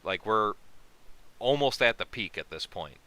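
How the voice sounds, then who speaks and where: A man's voice: on the low side, animated, unhurried, pushed and bright, smooth, dry recording. A man hosting a casual podcast chat, telling a rambling, profane story with many fillers. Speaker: podcast host.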